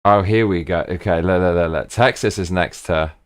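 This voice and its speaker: A deep, clear, resonant male voice at a moderate pace belongs to a live streamer casually planning a trip with his audience. He sounds excitable, works things out aloud, and leans on "look" and "bruv."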